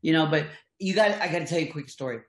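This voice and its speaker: A man's voice: a little high, rapid-fire, a bit bright. An older man, a voice actor, telling rambling, chuckling anecdotes in casual chat with many restarts. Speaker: voice actor guest. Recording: echoey room.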